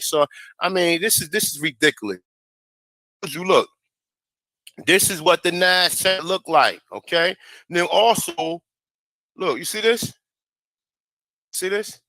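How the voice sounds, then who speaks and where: A man's voice: on the high side, animated, a little slow, long pauses, bright, forceful tone, no room sound, poor audio. Profane, heated man reading aloud. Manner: profane, heated, stumbles over names while reading. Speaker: host. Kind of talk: casual commentary vlog, reading aloud.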